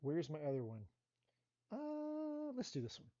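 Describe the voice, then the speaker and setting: Guy doing a live tarot reading, blunt and sweary, kinda high voice, dry dull lo-fi audio. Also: a little slow, no echo. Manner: blunt, animated, swears freely, acts out quotes. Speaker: tarot reader.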